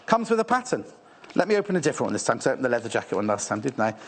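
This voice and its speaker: A British man presenting fabrics on a live TV shopping channel, rushed, gushing and a little out of breath. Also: medium pitch, big pitch swings, breathy edge.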